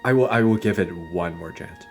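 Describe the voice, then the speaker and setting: A young man streaming a game, chatting casually, rambling and swearing, with sudden loud outbursts between mumbles. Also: lowish voice, brisk, soft background music.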